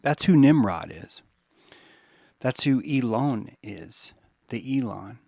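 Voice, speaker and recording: A man hosting a podcast, rambling in a monologue that swings from hushed musing to mocking put-on voices, with some swearing. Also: medium pitch, expressive, takes it slowly, gravelly, breathy edge, dry recording. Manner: profane. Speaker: podcast host.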